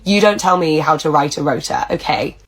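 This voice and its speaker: A woman's voice: sits low, a little fast, breathy edge. A woman playing a bossy, dismissive pub manager who talks down to her staff in a comedy sketch. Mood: condescending. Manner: condescending, talks down.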